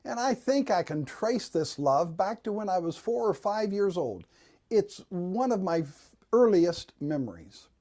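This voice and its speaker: A man gives a devotional talk in a slow, unhurried way. His voice is mellow and soft-edged. He tells the story in a folksy, gently humorous manner. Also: high voice, big pitch swings. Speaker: pastor giving a devotional.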